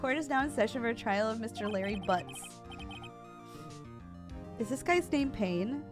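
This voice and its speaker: A woman's voice: on the high side, lively intonation, moderate pace, music in the background. A woman streamer giving playful, laughing, self-deprecating commentary on a video game, her voice strained. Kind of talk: casual gameplay commentary.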